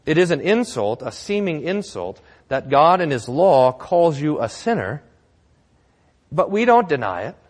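Lively-voiced male pastor preaching. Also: fairly high pitch, unhurried. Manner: conversational, wry humor, acted quotes. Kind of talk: sermon. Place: church.

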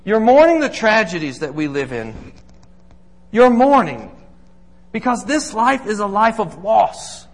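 Preaching in a large hall whose long reverb trails his words, this man speaks in a high, very animated voice at a measured pace. Earnest and emphatic, the pastor builds his sermon through lists he repeats.

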